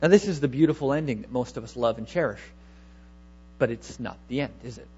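Husky-voiced man preaching a sermon. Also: mid-range voice, a little fast, a little mellow, lo-fi sound. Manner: emphatic, repeats key words, rhetorical questions.

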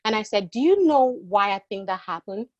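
A woman who immigrated to Canada, sharing her experiences as a podcast guest in a lively storytelling way. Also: mid-range voice, fairly quick, no echo, dull audio. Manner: animated, acting out quoted exchanges. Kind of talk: personal storytelling.

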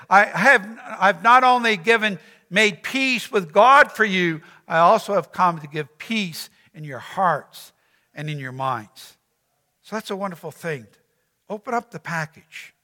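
A man's voice: high voice, bright, forceful tone, in a large hall. A man preaching a sermon as pastor, earnest, repeating phrases and asking the congregation rhetorical questions.

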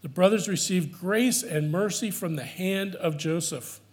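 Male pastor, high voice, earnest emphatic sermon delivery, repeats key lines. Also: measured pace.

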